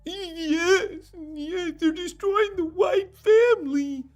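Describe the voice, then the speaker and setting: A man mocking a paranoid male caller, with a shrill, whining, near-sobbing delivery. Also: animated, slow, faint music behind, full character voice.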